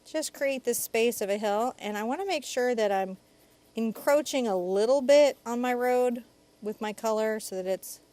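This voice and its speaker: A woman's voice: a little high, moderate pace, dark tone. A woman in her thirties leading a live painting lesson, chatty and playful, talking through each brush stroke. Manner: chatty, playful, bursts of laughter and sing-song asides. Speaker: painting instructor.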